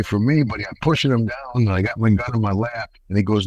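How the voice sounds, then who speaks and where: An older American man, a retired wrestler, telling a story in a folksy, animated way and acting out the quotes. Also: on the low side, quick pace, few pauses, rough recording. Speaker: podcast guest, retired wrestler. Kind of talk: casual storytelling interview.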